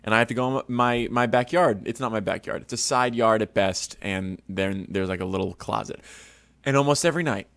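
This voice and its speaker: A man's voice: fairly low pitch, brisk, gravelly, a bit bright, clear, resonant tone, dry recording. A young man hosting a podcast from his home studio, telling rambling stories with crude, self-mocking jokes. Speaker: podcast host. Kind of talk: casual rambling monologue.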